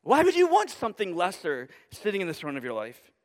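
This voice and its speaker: Preaching before a congregation in a church sanctuary, a male pastor speaks fairly quickly in a high voice with huge pitch swings. Emphatic repetition and rhetorical questions drive his sermon, which echoes with long hall reverb.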